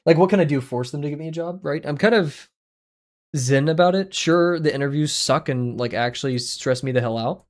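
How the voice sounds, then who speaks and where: Excitable young man chatting on a livestream. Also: a little fast. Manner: rambling and excitable, jumps in pitch, laughs often. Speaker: art livestreamer. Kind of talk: casual chat with viewers while drawing.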